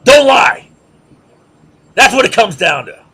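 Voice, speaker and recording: A man's voice: extremely high pitch, sing-song, slow pace, sharp tone, slightly rough, raised voice. A man giving a rhetorical, sarcastic lecture, firing questions at listeners and mocking chants.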